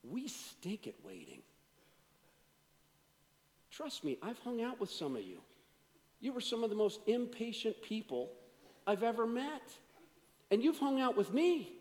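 Man, pastor, sermon, high voice, long hall echo. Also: sing-song, unhurried, pauses often. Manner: dynamic preaching, swinging from loud to hushed.

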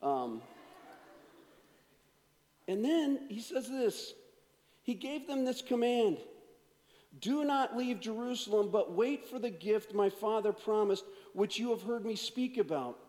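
A man preaching a sermon as a pastor, swinging from energetic to hushed delivery. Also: sits high, takes it slowly, long pauses, long reverb tail.

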